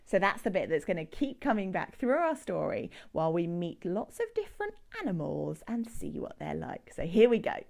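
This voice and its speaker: A woman with a British accent, a speech and language therapist, leading a children's story-song session in a slow, exaggerated, sing-song way. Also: mid-range voice, wildly swooping pitch, gravelly, a little mellow. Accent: British English.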